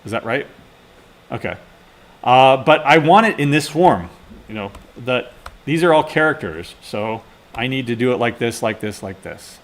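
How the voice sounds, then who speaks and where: A man's voice: mid-range voice, lively intonation, normal speed. A man teaching a class, talking through live coding and muttering to himself as he types. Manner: casual, mutters to himself while typing. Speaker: instructor.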